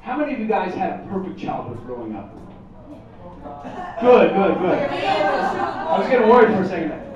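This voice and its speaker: Texas guy doing stand-up in a bar, high lively voice, far off echoey mic, crowd noise. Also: normal speed, long pauses. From Texas, USA. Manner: animated, conversational, frequent asides to the crowd. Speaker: stand-up comedian. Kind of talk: stand-up comedy set. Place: comedy night in a pub. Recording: echoey distant muffled pub recording, crowd.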